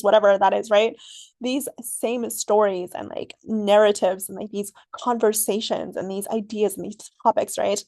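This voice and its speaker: A woman's voice: mid-range voice, steady tone, normal speed, gravelly, dark tone, no echo. Rambling woman podcaster, dry sound. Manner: rambling, filler-heavy, laughs often. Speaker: podcast host. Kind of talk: reflective solo podcast monologue.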